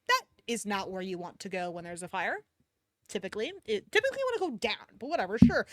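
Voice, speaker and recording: A woman streamer reads fanfiction aloud, breaking off into animated, cursing asides. Her fairly high voice swings widely in pitch, and the sound is dry and close to the mic. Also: fast talker, dry recording.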